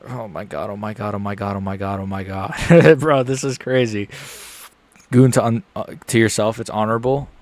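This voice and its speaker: A man's voice: fairly low pitch, steady tone, normal speed, a little mellow, no room sound. Young guy streaming a fight, super nervous, mumbles then yelps, dead dry close mic. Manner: nervous, rambling, swings from mutters to yelps. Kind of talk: live fight reaction stream.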